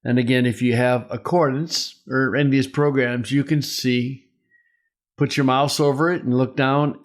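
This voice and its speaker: An older man teaching a Greek lesson, explaining the grammar step by step and asking rhetorical questions. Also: mid-range voice. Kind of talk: slow, deliberate Greek lesson.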